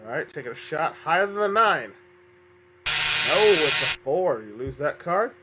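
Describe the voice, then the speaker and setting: A man's voice: on the high side, big pitch swings, unhurried, very noisy. A man hosting a fan-made game show, upbeat but often stumbling and correcting himself, a little under the weather.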